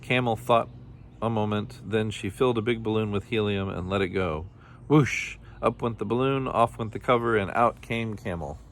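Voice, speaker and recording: A man reading a children's picture book aloud in a gentle, expressive way. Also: fairly low pitch, normal speed, slight background noise. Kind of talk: storybook read-aloud.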